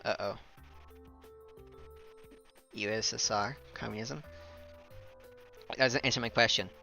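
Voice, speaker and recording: A man's voice: lowish voice, slow, gravelly, pushed and bright. A man chatting jokily with his viewers and narrating a visual novel aloud. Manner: chatty, jokey, talks to viewers. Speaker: voice actor reading a visual novel. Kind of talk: casual chat and game narration. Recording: dull lo-fi recording with faint music.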